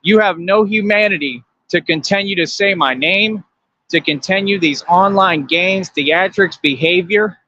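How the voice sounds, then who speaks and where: Guy on a livestream going off at his chat, bossy and repetitive, kinda high voice, dry mic. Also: unhurried, bright, forceful tone, no room sound, dull audio. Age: adult. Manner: confrontational, repetitive, lecturing viewers. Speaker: livestream host. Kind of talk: livestream rant.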